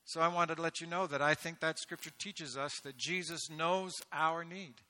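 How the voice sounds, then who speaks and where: A man preaching a sermon, swelling into loud, emphatic delivery with rhetorical questions. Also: a little high, fairly even intonation, normal speed. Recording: echoey hall with long reverb.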